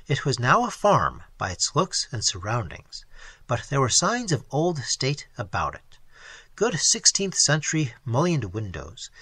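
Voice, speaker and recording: A man narrates a classic story with a bright, forceful tone and a slightly husky edge. His pitch rises and falls widely as he reads in a measured, expressive way. The recording is dry and close. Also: no echo. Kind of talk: audiobook reading of a classic story.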